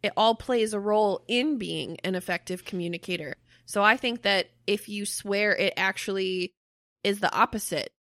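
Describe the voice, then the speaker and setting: A woman co-hosting a podcast, talking emphatically and swearing freely. Her voice is bright and forceful, recorded dry and close with no room sound. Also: mid-range voice, moderate pace, dry recording. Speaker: podcast co-host. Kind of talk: casual chat.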